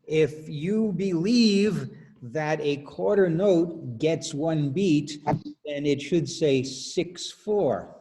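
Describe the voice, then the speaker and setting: A man's voice: fairly high pitch, very slow, mellow. A man teaching rhythm as a choral director in an online workshop, patiently explaining and counting beats aloud over a video call.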